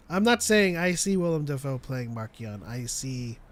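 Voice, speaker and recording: Slow, lively-voiced man chatting. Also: mid-range voice, a little hiss or hum. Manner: jokey, laughs often, trails off and restarts. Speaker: podcast co-host. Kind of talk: casual chat.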